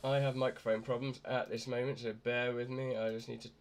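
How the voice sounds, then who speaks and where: A young man from Britain, hoarse and croaky from a night of drinking, rambling crudely through casual gameplay commentary. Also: mid-range voice, little pitch movement, brisk. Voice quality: raspy, croaky. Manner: rambling, crude, self-mocking. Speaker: gamer. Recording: loud background noise.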